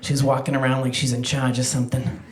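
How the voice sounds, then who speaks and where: A woman from Massachusetts doing a chatty, self-deprecating stand-up set, full of quick asides and restarts. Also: very deep voice, flat delivery. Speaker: stand-up comedian. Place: comedy club stage with live audience. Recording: roomy club sound with crowd laughter. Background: audience laughter.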